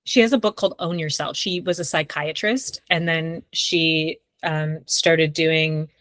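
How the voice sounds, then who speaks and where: A young woman talks casually as a podcast guest, her voice sitting a little low for a woman. She rambles warmly through fillers like "like" and "um". The sound is dry and close, with no room echo. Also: fairly even intonation, a little slow. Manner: chatty, frequent "like" and "um". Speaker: sex therapist, podcast guest.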